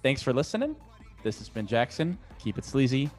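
A man's voice: medium pitch, very animated, brisk, darkish tone, soft background music. A man co-hosting a podcast in casual, crude, rambling chat, sleepy and full of fillers. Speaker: podcast co-host.

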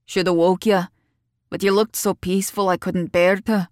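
A woman voicing a gruff, taciturn local man who speaks gently but in clipped, terse phrases. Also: lowish voice, level tone, moderate pace, dry recording, studio quality, natural voice. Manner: terse, clipped dialect speech.

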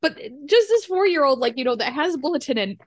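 A middle-aged woman, a mother, telling a family story in casual chat over a video call, animated and laughing often. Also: sits high, fast talker. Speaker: podcast co-host, mother.

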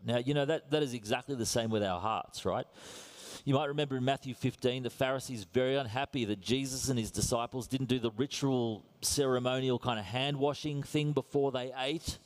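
A middle-aged man with an Australian accent delivers a sermon in an easygoing, anecdotal manner. His voice sits at an ordinary male pitch, and he slips self-deprecating humor into his teaching. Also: fairly quick. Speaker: preacher.

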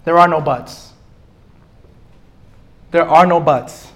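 Man, high voice, preachy teaching, emphatic, stretched-out repeated lines. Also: takes it slowly, long pauses, a bit bright. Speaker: pastor teaching a relationship class. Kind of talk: sermon-style teaching.

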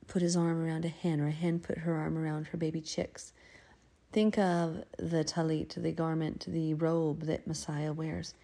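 A woman's voice: low-pitched, creaky, warm tone. A woman leading a casual Bible study, reading verses aloud and then explaining them in a chatty way. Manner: acts out the figures' lines in an everyday voice. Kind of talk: casual scripture reading and commentary.

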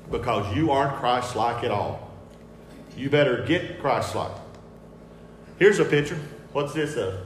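A man preaching a sermon with picture slides, emphatic and repetitive, shifting between soft asides and loud declarations. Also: medium pitch, slight background noise. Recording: echoey hall with faint ambience.

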